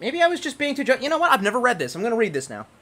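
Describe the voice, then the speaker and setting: A man chatting casually on a livestream, reading chat aloud, rambling and swearing, stammering through restarts and swinging between excited and gloomy. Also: extremely high pitch, rapid-fire.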